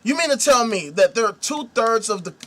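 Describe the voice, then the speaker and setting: A man's voice: extremely high pitch, lively intonation, a little fast. A man hosting a show, delivering a profane, combative rant. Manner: angry ranting, shouts at times. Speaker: host. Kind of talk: ranting commentary.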